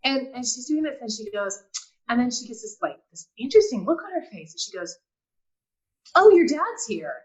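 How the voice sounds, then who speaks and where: A woman telling a personal story in casual talk, animated, acting out quotes and often laughing. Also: fairly high pitch, fast talker, poor audio. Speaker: guest.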